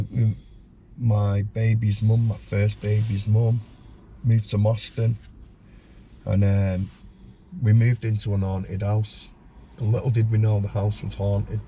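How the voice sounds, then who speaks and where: Man telling a rough story. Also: slight background noise. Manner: animated storyteller, acts out voices with sudden high pitch. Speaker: guest. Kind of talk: storytelling in a podcast interview.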